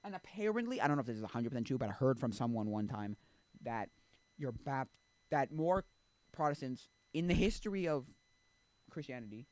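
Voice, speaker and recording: A man's voice: mid-range voice, brisk, no room sound. A man chatting on a stream in an everyday mid-range voice, thinking aloud about belief. He rambles and restarts his sentences, filling gaps with "like" and "um", and livens up when he acts out what people say. The sound is dry and close, with no room around it. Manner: rambling, self-interrupting, many fillers; animated when acting out quotes. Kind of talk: casual chat about faith.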